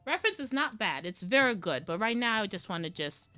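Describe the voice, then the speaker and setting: Faint music runs behind this brisk, very animated woman of medium pitch, whose tone is bright and forceful. Streaming as she draws digitally, she keeps up a playful, rambling chat with herself about each step.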